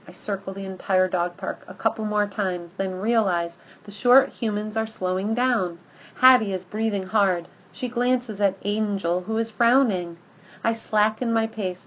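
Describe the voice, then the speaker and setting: A woman giving lively, expressive first-person narration of a children's story. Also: mid-range voice, muffled recording. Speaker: audiobook narrator.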